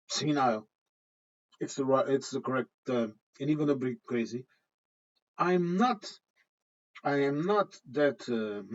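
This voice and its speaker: A man's voice: medium pitch, muffled recording. A man hosting his own channel, ranting casually to camera with frequent restarts and chuckles. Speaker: channel host. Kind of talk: casual opinion rant to camera.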